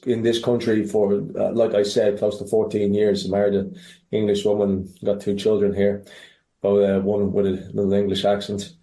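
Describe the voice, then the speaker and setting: A man with an Irish accent, a podcast guest telling stories in casual chat, animated, swearing freely and often restarting his sentences. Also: fairly low pitch, roomy sound. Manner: animated, profane, many restarts. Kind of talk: casual interview storytelling.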